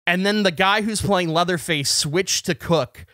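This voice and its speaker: A man's voice: sits high, a little slow, no echo, clean studio sound. A man co-hosting a podcast, telling a story casually and acting out an argument with lots of energy. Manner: animated, acts out shouting matches. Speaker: podcast co-host.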